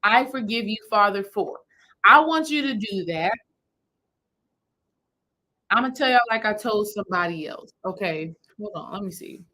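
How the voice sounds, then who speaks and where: A woman's voice: mid-range voice, expressive, moderate pace, long pauses, sharp tone, rough recording. A woman spiritual healing coach, talking her audience through a meditation step by step in a casual, repetitive way. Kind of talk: guided meditation talk to a live audience.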